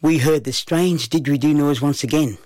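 A man with an Australian accent narrating a children's story in a relaxed, lively first-person telling. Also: on the high side, normal speed, no room sound.

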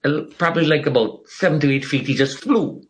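A man with a fairly high voice, talking a little fast, tells an interviewer a personal story. He animates it by playing out what others said.

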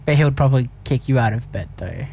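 A man's voice: mid-range voice, lively intonation, fast, vocal fry, dark tone, a little hiss or hum. A man, co-hosting a radio show, teasing dryly and hesitating with frequent ums. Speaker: radio co-host. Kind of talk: casual on-air banter.

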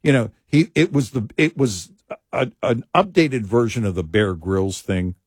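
A man's voice: medium pitch, measured pace, husky, dry recording, studio quality. A middle-aged man co-hosting a talk radio show, rambling and joking at his own expense. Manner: rambling, self-mocking, restarts a lot. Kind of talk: casual talk radio banter. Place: radio studio.

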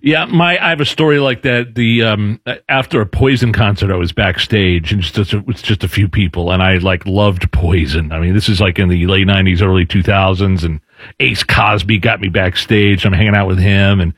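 A man in his forties, a radio host telling stories in casual studio banter, animated and quick to act out loud impressions. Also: low-pitched, breathy edge, no echo.

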